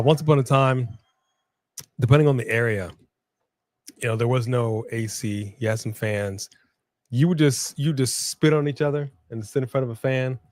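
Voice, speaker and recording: Easygoing guy on a live stream reading off chat shout-outs, middle pitch, dry close sound. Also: no room sound. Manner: loose, joking, reads out viewer comments and shout-outs. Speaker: co-host of a live wrestling watch-along stream.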